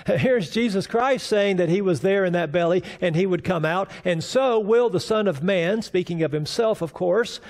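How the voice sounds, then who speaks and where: A man's voice: high voice, moderate pace, darkish tone. A man preaching a sermon as pastor, building to fervent, rising declarations. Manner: preaching with rising fervor and mock voices of doubters.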